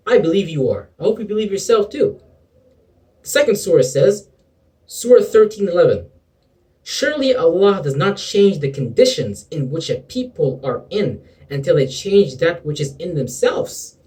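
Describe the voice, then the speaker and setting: A motivational video preacher delivers an impassioned spiritual pep talk to the camera, preachy and at times sarcastic, calling the listener "bro" and "man." His voice is fairly high with big pitch swings, a normal pace, and a slightly mellow tone, picked up from a distance on a rough recording.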